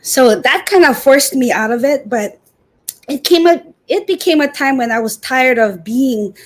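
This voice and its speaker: Earnest woman recounting hard memories, higher voice. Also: expressive, slight background noise. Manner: earnest, emotional, halting at times. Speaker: guest, Air Force veteran. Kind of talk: personal interview talk.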